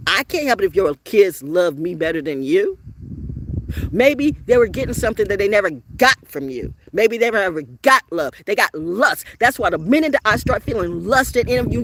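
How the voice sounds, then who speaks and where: Woman, vlogger, profane storyteller, loud-to-hushed swings, faint background hiss. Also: mid-range voice. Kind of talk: unscripted storytelling rant.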